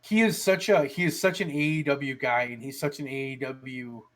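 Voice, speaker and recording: A man co-hosting a casual podcast chat, telling animated stories and swearing freely. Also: medium pitch, moderate pace. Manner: animated storyteller, swears a lot. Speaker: podcast co-host.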